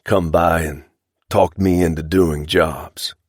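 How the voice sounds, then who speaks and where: A man reading the part of a surly middle-aged cattle rustler, sullen and evasive, in a rough frontier drawl. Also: deep voice, fairly even intonation, slow pace, no echo, studio quality.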